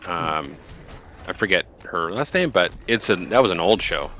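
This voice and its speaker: A man playing in an online group, chatting and telling jokey asides in an animated way. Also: deep voice, moderate pace, a crowd in the background. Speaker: group player. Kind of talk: casual gaming chat.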